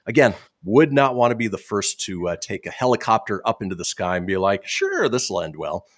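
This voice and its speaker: A man's voice: fairly low pitch, a little fast, dry recording. A man hosting a comedy radio show, reading history facts with wry asides on a studio microphone. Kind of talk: casual comedy radio banter.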